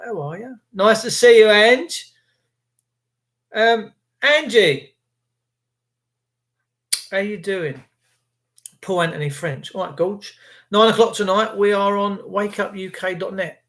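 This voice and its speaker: High-voiced chatty man. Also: fairly bright tone. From England. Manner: chatty, cheeky, ranting at times. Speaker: live-stream host. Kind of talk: casual live-stream chat greeting viewers.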